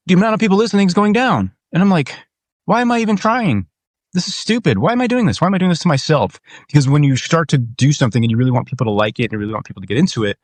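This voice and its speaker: A man's voice: lowish voice, no echo. A man in his thirties or forties hosting his own podcast, talking candidly and rambling with profanity and restarts. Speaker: podcast host. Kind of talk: casual solo monologue.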